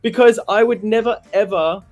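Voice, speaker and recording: A young man with an Australian accent, talking openly and with feeling in an interview, animated and laughing easily. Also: high-pitched, normal speed, soft background music. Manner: candid, animated, laughs often. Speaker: interviewee, singer. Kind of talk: open, emotional interview chat.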